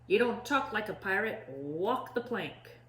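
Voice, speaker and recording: A woman growling as a gruff bossy pirate captain. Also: medium pitch, animated, a little slow, fairly bright tone, roomy sound. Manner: growling pirate slang, bellowing.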